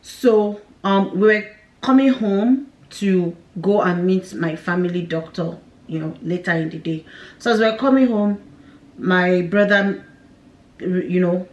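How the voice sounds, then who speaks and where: A woman's voice: on the low side, unhurried, reverberant, lo-fi sound. A young woman, candidly and emotionally telling a personal story to camera, with nervous laughs. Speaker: vlogger.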